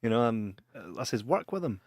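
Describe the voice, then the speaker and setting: A Scottish man co-hosting a podcast who rambles through his stories and breaks into laughter often. His voice sits at a middle pitch. The sound is dry, with almost no room echo. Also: sing-song, brisk, a little mellow. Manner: laughs a lot, rambling storyteller. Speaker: podcast co-host. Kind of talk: casual chat.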